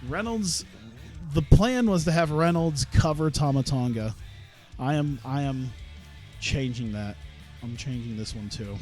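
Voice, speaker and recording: Young guy streaming a wrestling sim, swears a lot, laughs at his own jokes, warm mellow voice, bit of guitar music under it. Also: medium pitch, unhurried. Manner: profane, laughing, rambling commentary. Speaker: streamer playing a wrestling management game. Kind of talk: casual let's-play commentary.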